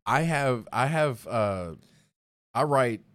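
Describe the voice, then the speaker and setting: A man's voice: medium pitch, slow pace. A man in his thirties, a band vocalist guest, chatting casually with lots of fillers and swearing. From United States. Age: 30s. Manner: relaxed, rambling, heavy on fillers and swearing. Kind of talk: casual podcast chat.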